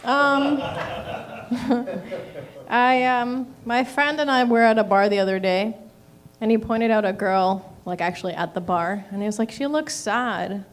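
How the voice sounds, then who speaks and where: A woman's voice: on the high side, measured pace, pauses often, slight background noise. A woman from Chile starting a stand-up set, self-deprecating and a little hesitant, with fillers between her jokes. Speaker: comedian. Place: comedy club stage.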